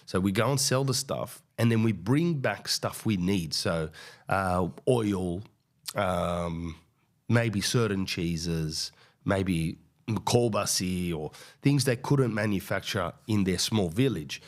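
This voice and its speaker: A man hosting a podcast, telling a comic story in a blunt, crude, animated way. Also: deep voice, takes it slowly. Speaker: podcast host. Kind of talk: comedic storytelling rant.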